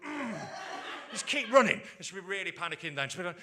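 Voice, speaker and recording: A young adult man from the UK doing stand-up comedy. He is sweary and animated and keeps checking in with "right?". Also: high voice, moderate pace, long pauses. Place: stage before a live audience.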